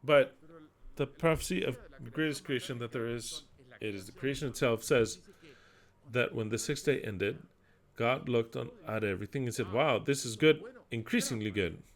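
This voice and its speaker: A man delivering a sermon in an average-pitched voice. He declaims scripture forcefully, then drops into quiet, explanatory asides. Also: moderate pace. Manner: emphatic, swings between loud declaiming and quiet asides. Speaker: preacher.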